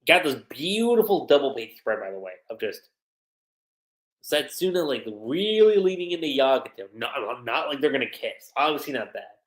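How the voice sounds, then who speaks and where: A man breaks down a manga chapter in a loose, slangy livestream review. His pitch swings widely as he acts out the scenes. The recording has a roomy echo. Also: moderate pace. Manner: animated, slangy, retells scenes in quoted voices.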